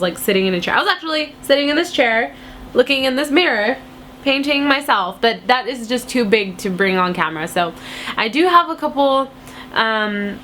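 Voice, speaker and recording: A woman's voice: a little high, fairly bright tone, slight background noise. A woman in her twenties with a cold, chatting casually to camera as she answers viewer questions in a silly, playful way. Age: 20s. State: has a cold.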